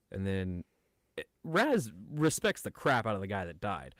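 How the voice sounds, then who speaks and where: A man playing a tabletop game who speaks haltingly, with many fillers. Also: on the low side, wildly swooping pitch, fairly bright tone, no room sound. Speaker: player. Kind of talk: tabletop role-play.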